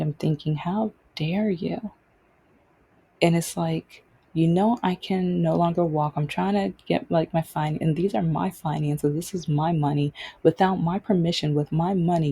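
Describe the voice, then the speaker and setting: Rich: A woman with a low, warm, husky voice chatting through a personal story on her vlog. She rambles and restarts her sentences as she goes, in a loose, conversational way. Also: fairly even intonation, moderate pace. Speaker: vlog host.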